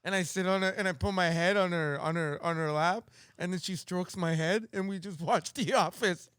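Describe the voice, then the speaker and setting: A man's voice: high voice, moderate pace, fairly bright tone, clean tone, no room sound, clean studio sound. A man co-hosting a podcast in casual, playful banter and laughing often. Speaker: podcast co-host.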